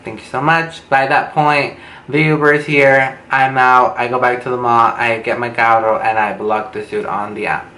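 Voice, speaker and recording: Young guy spilling a storytime, bright voice, echoey room, bit of noise behind. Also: moderate pace. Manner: animated, swearing, acts out quotes with jumps in pitch. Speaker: vlogger. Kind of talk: storytime vlog.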